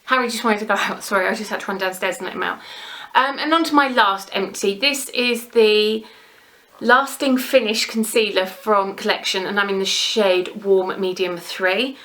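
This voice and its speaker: A young British woman chatting to her camera as a beauty vlogger, rambling and gushing in an easy, friendly flow. Her tone is crisp and sharp, with a middling pitch. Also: normal speed. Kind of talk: casual chat to camera.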